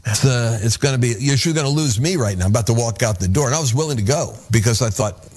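A man's voice: medium pitch, quick pace, hardly any pauses. A man in an interview, earnestly telling his conversion story and acting out the dialogue as he goes. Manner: earnest, animated storyteller who acts out the dialogue. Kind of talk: conversational testimony.

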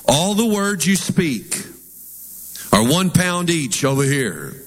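A man preaching with emphatic delivery, and his voice sits a little high for a man. He leads the congregation in call-and-response lines, and a long reverb trails his words through the sanctuary. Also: fairly bright tone. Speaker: pastor. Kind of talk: sermon.

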